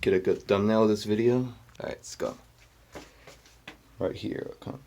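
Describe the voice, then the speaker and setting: Man, low voice, hurried muttering, phone recording with clear background noise. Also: fairly even intonation, warm tone. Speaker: toilet video maker. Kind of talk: casual filming commentary. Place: indoor bathroom. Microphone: phone held in hand.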